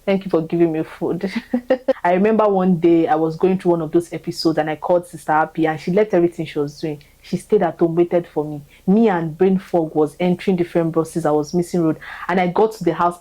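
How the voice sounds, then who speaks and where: A woman's voice: fairly low pitch, mellow, poor audio. A young woman giving an emotional, fervent testimony of thanks, repeating herself as her feelings rise. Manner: fervent, repetitive, voice rising with feeling.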